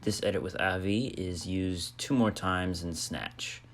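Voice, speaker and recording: Deep voiced young guy doing a film video essay, measured, lots of uh's. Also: fairly bright tone, a little hiss or hum. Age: young adult. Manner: measured, with uh fillers. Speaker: film student.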